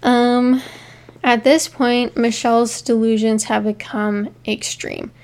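A woman's voice: fairly high pitch, steady tone, takes it slowly, a little mellow. A woman co-hosting a casual podcast, reading case notes with asides and frequent ums. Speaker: podcast co-host. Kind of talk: casual true-crime podcast chat.

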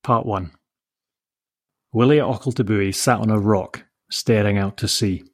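A male podcast host narrating a story in a low, unhurried voice. He reads slowly and with care, pausing often in a reflective tone. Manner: slow, measured and reflective.

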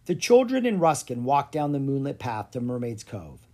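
An audiobook narrator giving an expressive storybook reading. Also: mid-range voice, moderate pace.

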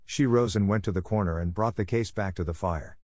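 A man reading a classic storybook aloud in a calm, measured manner. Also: fairly low pitch, dry recording, studio quality. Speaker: narrator. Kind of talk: storybook narration.

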